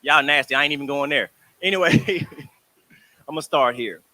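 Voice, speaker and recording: A man performing sensual spoken word poetry with a smooth, slow, sensual delivery. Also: on the high side, bright, forceful tone, no echo. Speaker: performing poet.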